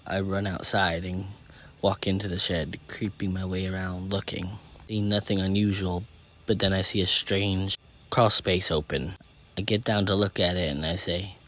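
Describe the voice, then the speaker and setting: A man with a very low voice reads a first-person story aloud. He keeps a steady pace with small slips and restarts. Faint crickets are heard behind him. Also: normal speed, slight background noise. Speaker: narrator.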